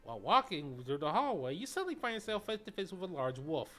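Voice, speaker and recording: Bright, lively woman streamer. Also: lowish voice, fast talker. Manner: casual, reads story text then chats. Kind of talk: reading a video game aloud. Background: faint game music.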